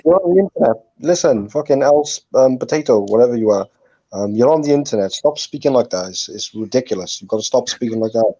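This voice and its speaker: A man's voice: mid-range voice, big pitch swings, quick pace, warm tone, no echo. A man talking on a live stream, earnest and hesitant, with lots of ums. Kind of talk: casual chat. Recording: dry, dull lo-fi call audio.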